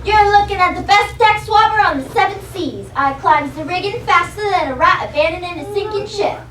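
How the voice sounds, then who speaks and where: A teenage girl voicing a rough, swaggering young pirate princess in a puppet play, talking gruff and boastful. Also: very high-pitched, brisk, a crowd in the background. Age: teens. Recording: roomy hall from far off, noisy.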